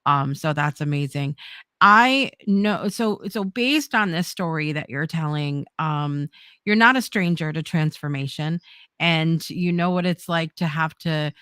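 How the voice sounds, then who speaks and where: Low-voiced woman host thinking aloud, dry sound. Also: measured pace, a bit bright, smooth, dry recording. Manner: thinking aloud with frequent restarts. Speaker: talk show host. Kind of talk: interview talk.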